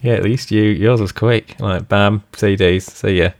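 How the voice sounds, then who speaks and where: A man co-hosting a casual podcast, chatty and relaxed, laughing easily. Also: on the low side, unhurried. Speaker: podcast co-host.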